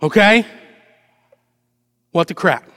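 A man preaching a lively sermon as pastor, asking the congregation rhetorical questions and acting out short quotes with playful energy. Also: high voice, slow. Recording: long hall reverb.

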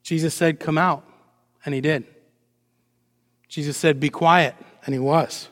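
Speaking unhurriedly in a voice pitched high for a man, a pastor preaches from the pulpit with lively energy. He throws rhetorical questions at the congregation and playfully performs short lines, all echoing with the long reverb of a large sanctuary.

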